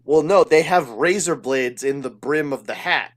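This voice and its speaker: Man, slightly high voice, casual podcast chat, rambling, swears a lot. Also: moderate pace. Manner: rambling storyteller, swears freely. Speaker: podcast co-host.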